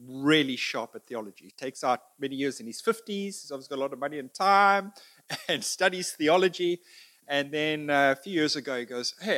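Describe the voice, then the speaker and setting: A man with a slightly raised pitch talks to an audience without a script. He tells a story in a halting, conversational way, stopping and restarting, and slips into the voices of the people he quotes. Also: fairly bright tone. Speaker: speaker answering audience questions. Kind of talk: unscripted talk to an audience.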